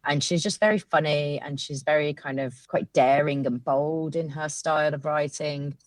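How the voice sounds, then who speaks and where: A woman's voice: sits low, steady tone, moderate pace, no echo. A woman guest copywriter chatting casually on a podcast, rambling with lots of fillers.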